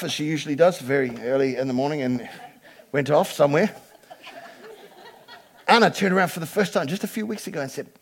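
Man, pastor, sermon, high voice, gravelly, chatty then emphatic. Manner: builds from chatty storytelling to loud emphatic preaching.

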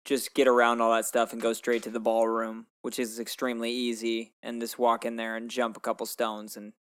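Smooth-voiced man, laid-back chat. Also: mid-range voice, monotone, a little fast, a bit bright. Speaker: podcast co-host. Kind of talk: casual movie discussion.

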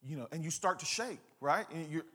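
Animated high-voiced preacher man. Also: fairly quick. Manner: animated storyteller, acts out scenes and quotes. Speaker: pastor. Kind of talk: sermon with storytelling.

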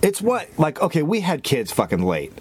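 A man around forty co-hosting a comedy podcast, telling rambling stories and firing back deadpan insults with lots of swearing. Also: fairly high pitch, normal speed, husky. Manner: rambling storyteller, deadpan comebacks. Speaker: podcast co-host. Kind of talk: profane comedic banter.

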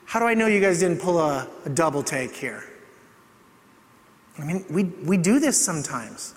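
A man preaching a sermon in a conversational style, often dropping to a soft, hushed voice to make a point. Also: on the high side, big pitch swings, moderate pace, long pauses. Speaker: pastor. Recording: long reverb of a large hall.

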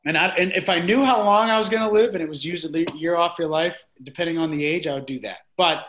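A man's voice: a little high, fast, a bit bright, a little hiss or hum, low-quality recording. A male podcast guest in casual chat, rambling and frank, with some swearing.

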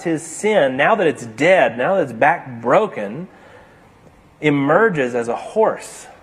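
A man's voice: a little high, breathy edge. A man preaching a sermon, retelling a story dramatically and acting out the characters' dialogue.

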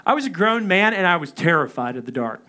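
A male pastor in his thirties delivers a sermon, launching into an animated personal story. His voice sits high and carries a bright, forward tone. He acts out his own frantic moments as he tells it. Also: quick pace. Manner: animated storytelling, acting out his own panicked radio calls.

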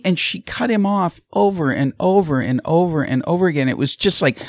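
A man hosting a podcast, an animated storyteller in casual political chat who laughs often. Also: high-pitched, brisk, hardly any pauses, no echo, studio quality. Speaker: podcast host.

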